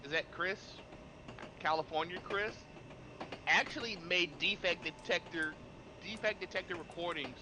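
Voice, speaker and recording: A man's voice: fairly high pitch, moderate pace, over music. A man telling a rambling anecdote in casual voice chat, repeating himself, over a noisy line.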